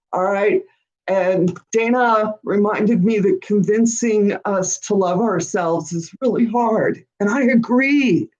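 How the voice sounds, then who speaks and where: Slow-spoken woman hosting a chatty livestream Q&A. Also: mid-range voice, muffled recording. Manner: chatty and encouraging, often checks in with "all right?". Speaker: host of a witchcraft channel. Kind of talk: live-stream Q&A, reading viewer comments.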